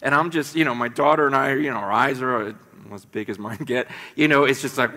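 A middle-aged man from the United States preaching a sermon, telling stories in an animated way and repeating words as he goes. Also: mid-range voice, brisk, few pauses. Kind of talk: sermon storytelling. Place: church sanctuary. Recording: echoey church hall.

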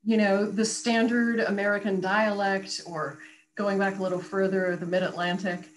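A woman voice coach in a conversational interview, talking in an articulate, animated and explanatory way. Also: medium pitch, normal speed, a little hiss or hum, poor audio. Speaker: voice coach and radio guest.

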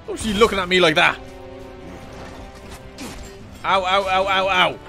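An Irish man commentating as he plays a shooter game, excitable and swearing freely, often yelling at enemies. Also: high voice, measured pace, creaky, over music. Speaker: streamer. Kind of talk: gameplay commentary.

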